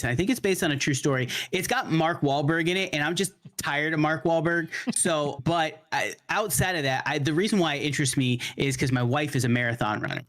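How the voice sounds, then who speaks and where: Relaxed, wry man chatting about games. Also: on the high side. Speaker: stream co-host. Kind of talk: casual chat on a gaming stream.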